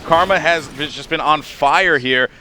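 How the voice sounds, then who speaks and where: A man's voice: on the high side, a little slow, sharp tone. A man casting a competitive shooter match, chatting and joking between plays with his co-caster. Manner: chatty, jokey, quotes players in put-on voices. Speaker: esports caster. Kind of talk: play-by-play commentary. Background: game gunfire and faint music.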